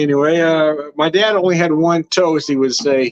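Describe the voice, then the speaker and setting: This older man's slightly high, expressive voice moves at a moderate pace, though the recording cuts off the highs. Streaming about wine from a room at home in Southern California, he chats loosely, laughs often, and swears occasionally.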